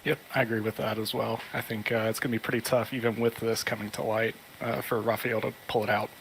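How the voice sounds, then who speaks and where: A man's voice: on the low side, level tone, fast talker, gravelly, a bit bright, a little hiss or hum, poor audio. A man from Alabama calling in to a talk show, speaking plainly and politely. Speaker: caller. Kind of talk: call-in conversation.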